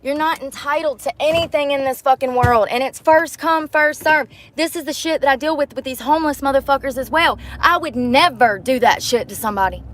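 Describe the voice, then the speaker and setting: This woman's voice is high and a bit bright, moving a little fast with few pauses. She's a vlogger venting to the camera from her car at night in a blunt, heated, profanity-filled rant.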